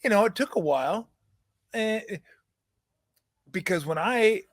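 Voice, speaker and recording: Relaxed middle-aged host chatting. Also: male voice, sits high, unhurried, no echo. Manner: relaxed, laughs easily, reflective. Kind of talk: casual chat. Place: backyard outdoors.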